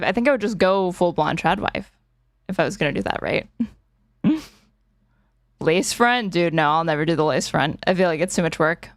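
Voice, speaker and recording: A woman's voice: mid-range voice, a bit bright, no echo. Young woman, streamer, sarcastic, casual, dry close sound. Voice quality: sarcastic, laughs often. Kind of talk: casual livestream commentary.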